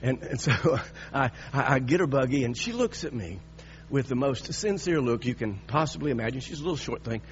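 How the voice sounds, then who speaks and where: A man in his sixties preaching, telling a personal story with lively, halting restarts. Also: medium pitch, highs cut off, a little hiss or hum. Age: 60s. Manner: animated storytelling with repeated restarts.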